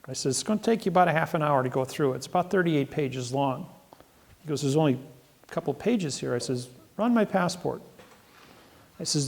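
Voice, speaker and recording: Gravelly boastful guy rambling thru seminar stories, repeats himself a lot. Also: on the high side. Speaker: seminar speaker. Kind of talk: seminar talk, storytelling to an audience. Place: seminar room.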